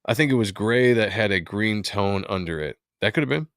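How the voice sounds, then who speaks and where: A man's voice: on the low side, expressive, fairly quick, fairly bright tone, no room sound, clean studio sound. A man hosting a casual comic book podcast, laid-back and joking, laughing often. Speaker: podcast host. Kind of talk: casual chat about comics.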